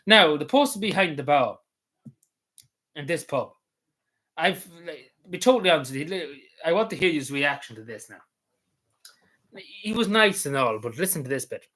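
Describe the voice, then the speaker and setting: A hoarse man with a Cavan Irish accent, rambling casually as he talks through his travel photos, repeating himself and swearing now and then. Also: fairly high pitch, sing-song, moderate pace, long pauses, bright, forceful tone. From Ireland. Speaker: vlogger.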